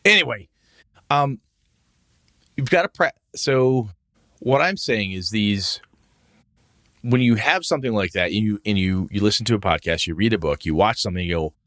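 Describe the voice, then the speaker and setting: Low-voiced man, profane and rambling. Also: animated, moderate pace, long pauses, a bit bright, no echo, studio quality. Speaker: podcast co-host. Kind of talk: casual chat.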